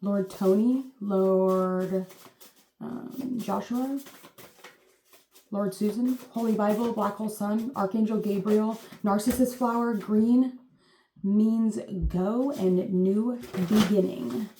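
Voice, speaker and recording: Mellow, chatty woman in a roomy space. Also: medium pitch, steady tone, takes it slowly. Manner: chatty, meandering, full of fillers, swears playfully. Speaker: channel host giving intuitive readings. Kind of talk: casual rambling live reading. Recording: roomy echo with faint noise.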